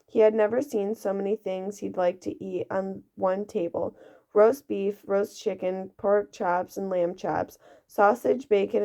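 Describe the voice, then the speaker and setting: A woman's voice: mid-range voice, creaky, mellow. A woman doing an amateur audiobook reading, often slipping and restarting, on a dull lo-fi recording. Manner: reads with frequent slips and restarts. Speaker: reader.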